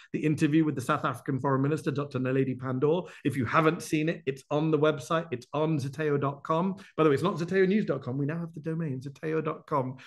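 Brisk, animated man with a higher voice. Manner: brisk and animated, lists points, quick asides. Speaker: host answering members' questions. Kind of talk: live Q&A town hall, off-the-cuff answers.

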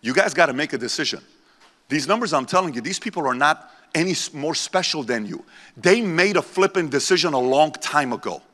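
A man's voice: a little high, expressive, a little fast, a bit bright. A man in his forties, born in Iran and raised in America, gives a blunt, punchy motivational speech to a live audience in a large convention center. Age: 40s. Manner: blunt, punchy, rallies the crowd. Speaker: motivational speaker. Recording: reverberant convention hall PA.

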